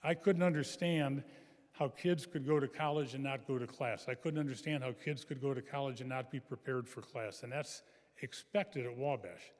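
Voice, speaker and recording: A man's voice: mid-range voice, moderate pace. Older guy telling family stories to a crowd, folksy and easygoing, voice ringing around a big chapel. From American Midwest. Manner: folksy storytelling. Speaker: guest speaker. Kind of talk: anecdotal speech. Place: large chapel. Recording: long chapel reverb.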